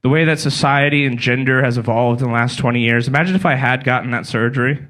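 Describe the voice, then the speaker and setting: Stand-up comic, man in his twenties, from California, deadpan storyteller. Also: medium pitch, quick pace. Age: 20s. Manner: deadpan storytelling with acted-out quotes. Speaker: stand-up comedian. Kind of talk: stand-up set. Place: small comedy venue with a live audience.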